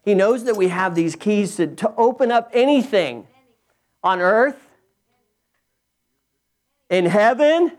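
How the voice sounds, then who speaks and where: Man, pastor, earnest sermon in a church, repeats himself, builds excitement. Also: high-pitched, takes it slowly, long pauses. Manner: earnest, repetitive restarts, rising excitement. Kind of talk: sermon with opening prayer. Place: church sanctuary.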